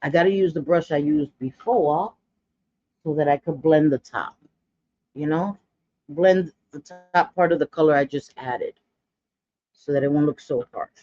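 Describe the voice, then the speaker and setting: A woman's voice: low-pitched, unhurried, long pauses, mellow, dry recording, highs cut off. A woman in her forties chatting bluntly through a makeup tutorial, gossipy and full of dramatic asides. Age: 40s. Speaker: makeup vlogger.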